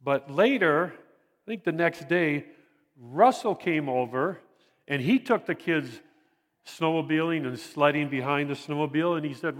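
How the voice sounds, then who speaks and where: An older man preaching a sermon in an earnest, halting way, often repeating phrases for emphasis. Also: a little high. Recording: long reverb of a large hall.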